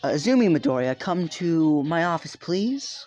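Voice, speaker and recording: A storyteller putting on a calm, polite school principal. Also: mid-range voice, moderate pace, muffled recording, faint music behind, voice pushed up, close to an everyday voice.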